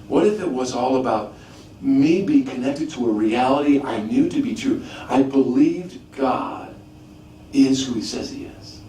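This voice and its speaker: A man preaching a teaching sermon, animated, asking rhetorical questions and often restarting his sentences. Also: mid-range voice, measured pace. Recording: echoey room, mic at a distance, faint background noise.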